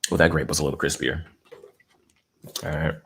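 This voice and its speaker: A man with a rumbling low, gravelly voice speaks briskly in a steady tone on a casual home eating stream, and the audio is very noisy. He takes it easy, welcoming chat viewers and chuckling often. He sits close to a desk mic in an air-conditioned room.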